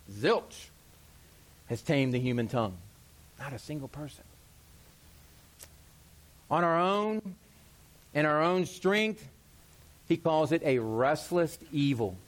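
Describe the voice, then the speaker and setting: This sermon comes from a middle-aged man whose voice is notably high. He talks in an animated, chatty way, slipping into quick impersonations and humor aimed at himself.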